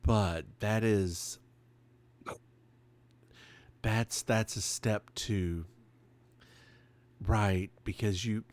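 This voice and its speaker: A man's voice: lowish voice, fairly even intonation, very slow, pauses often. A man co-hosting a podcast, casually recapping a TV episode with chatty, playful asides. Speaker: podcast co-host.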